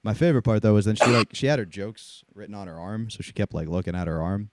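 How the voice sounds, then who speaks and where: A man's voice: lowish voice, quick pace, heavy background noise. A man telling casual stories on a comedy podcast, dry and laid-back. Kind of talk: casual chat.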